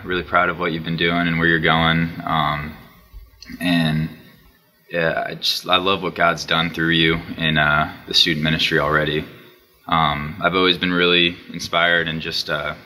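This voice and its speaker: A deep-voiced man speaks in a flat, even line as he thanks his old youth pastor. His tone is very bright, and his delivery is halting and sincere, full of pauses. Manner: halting, many fillers, sincere. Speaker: former student, now in ministry. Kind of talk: heartfelt video tribute.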